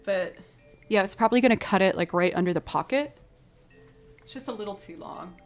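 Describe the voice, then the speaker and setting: A woman's voice: medium pitch, fairly quick, soft background music. A young woman musician chatting casually on a live stream, telling stories and thanking viewers for donations. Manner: chatty storytelling, reads out donations.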